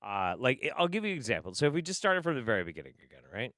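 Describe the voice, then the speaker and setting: A man's voice: medium pitch, sing-song, racing, pushed and bright. A man streaming casual commentary on clips, sarcastic and profane, often laughing.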